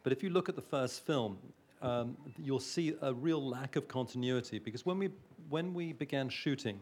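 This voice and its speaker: A man's voice: mid-range voice, normal speed, a little mellow, slight background noise. A man who works as a film producer, talking on a panel in a thoughtful, hesitant way with frequent restarts. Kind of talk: panel talk.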